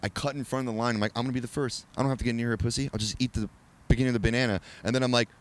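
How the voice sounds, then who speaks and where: A man telling wild stories as a podcast guest in casual chat, animated and profane, often laughing as he talks. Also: medium pitch, very fast.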